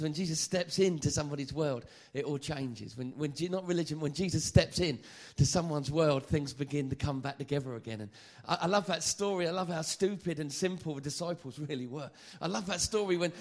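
A man preaching a sermon, lively and joking, often stammering and repeating phrases. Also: fairly high pitch, a little fast, hardly any pauses.

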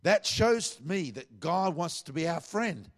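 A man's voice: fairly high pitch, lively intonation, measured pace. A middle-aged man with an Australian accent, preaching a sermon in a casual, conversational way with asides.

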